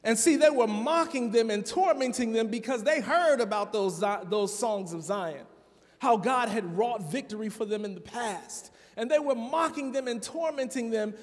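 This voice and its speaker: High-voiced preacher in a reverberant hall. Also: male voice, normal speed. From Chicago. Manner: conversational preaching, rising to loud emphatic peaks. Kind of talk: sermon. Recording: long reverb of a large hall.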